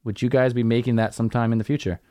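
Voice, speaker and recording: Fast-talking, brash Canadian man. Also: mid-range voice, level tone, mellow, no echo, studio quality. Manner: brash, swears often. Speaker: podcast co-host. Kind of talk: casual chat. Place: home recording studio. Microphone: studio mic.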